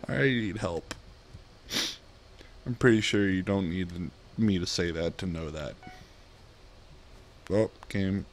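A man's voice: sits low, gravelly, a little hiss or hum. A young man giving casual gameplay commentary, giggling and swearing at himself. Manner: giggly, self-mocking, swears often. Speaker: gaming YouTuber.

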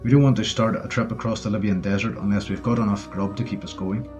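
A gruff, low-voiced army sergeant barks orders in a wartime audiobook, read by a man. The recording is dull and muffled, with faint music underneath. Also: fairly even intonation, fast, natural voice. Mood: brisk. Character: tough wartime British army sergeant, blunt and commanding.

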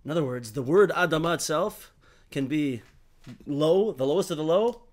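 A man's voice: on the high side, animated, moderate pace. A man teaching a Torah study class, explaining a story animatedly, with frequent restarts and "right?" checks.

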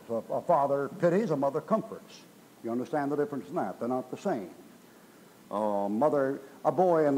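A man's voice: fairly high pitch, dark tone, a little hiss or hum, poor audio. A middle-aged man preaching a sermon in a folksy, emphatic way, his voice rising in bursts. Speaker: pastor.

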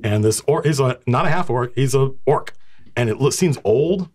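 A man's voice: medium pitch, expressive, normal speed, a little mellow. A man narrating as game master of a tabletop game, losing his voice, describing scenes in a rambling, stop-start way.

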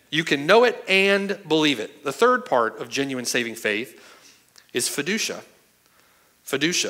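A man delivers a sermon from the pulpit in a high, bright voice that leaps and falls with emphasis. He drives home each point and checks with his listeners as he goes. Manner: emphatic, asks the hearers "right?" and "okay?" often. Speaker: pastor. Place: church sanctuary.

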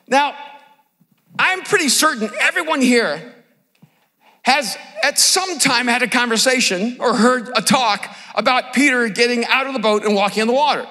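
A middle-aged male pastor preaching a sermon at a conference, telling the story with humor and sudden shouted lines. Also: very high voice, normal speed. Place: large conference hall. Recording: long hall reverb.

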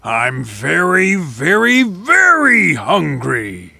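A storybook reader voicing a big, hungry male giant who roars slowly for his lunch. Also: mid-range voice, wildly swooping pitch, creaky, sharp tone, slightly rough, dry recording, voice pushed up, heavily acted. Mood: hungry, demanding. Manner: slow, drawn-out roaring.

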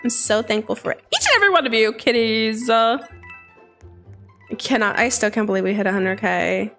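Bubbly high-voiced woman streamer. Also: moderate pace. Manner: bubbly, chatty, excitable with sudden squeals. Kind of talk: live game stream chat. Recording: faint game music behind.

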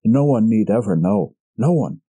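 A man's voice: fairly low pitch, expressive, normal speed, mellow, slightly rough, no room sound. A man reading a story, voicing a frightened, scheming murderer who pleads in a feverish, breathless manner. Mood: wheedling. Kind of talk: audiobook character reading.

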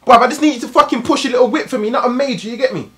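An actor with a London accent playing a hot-headed young gangster who swears and pushes hard. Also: male voice, very high voice, racing, crowd noise. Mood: pressing. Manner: aggressive, swearing, pushy. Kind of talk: gritty film acting.

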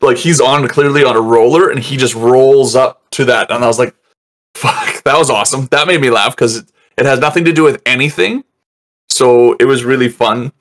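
Man, casual movie-review host, rambles, curses, mimics scenes; mid pitch. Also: fairly quick. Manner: rambling, swearing, acts out scenes in voices.

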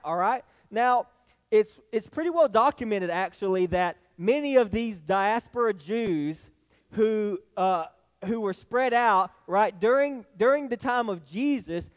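Southern pastor preaching, high voice. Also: male voice, big-room sound. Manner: folksy, many restarts and tag questions. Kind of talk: sermon. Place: church sanctuary.

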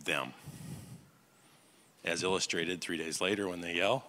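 A man preaching a sermon as pastor, talking conversationally and checking in with listeners. He swings between loud, animated stretches and hushed, quiet ones. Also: low-pitched, unhurried, big-room sound, slight background noise. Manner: acts out quoted voices, swings from loud to hushed. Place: church sanctuary.

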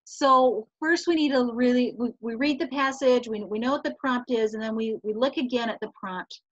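A fairly high-voiced woman teacher reads a novel passage aloud over a video call, stumbling now and then and correcting herself. The sound is dry and somewhat dull, like lo-fi call audio. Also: normal speed, no echo. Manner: steady reading with small slips and restarts.

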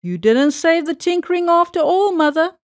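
A woman's voice: very high voice, animated, moderate pace, dry recording, studio quality, pitched above the performer's own voice. A woman voicing a small, mischievous male hillman fairy with a queer little voice in a children's storybook reading. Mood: mocking. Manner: mocking, tallying up losses.

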